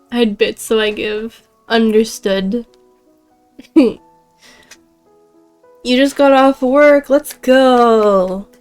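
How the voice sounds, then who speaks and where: A young woman game streamer chats with her viewers in a relaxed, giggly way, often breaking into laughter. She speaks slowly in a slightly high voice, with faint game music playing behind her. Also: smooth. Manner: giggly, bubbly, reads chat aloud. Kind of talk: casual live-stream chat.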